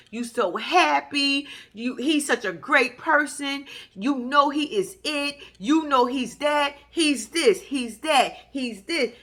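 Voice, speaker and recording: A woman's voice: high voice, pushed and bright. A woman giving casual reaction commentary as a vlogger, blunt and profane, ranting in exasperation.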